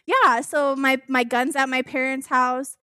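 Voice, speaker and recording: A young woman telling a personal story in casual chat, animated and laughing, swearing as she goes. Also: high voice, measured pace, clean tone, no echo, clean studio sound.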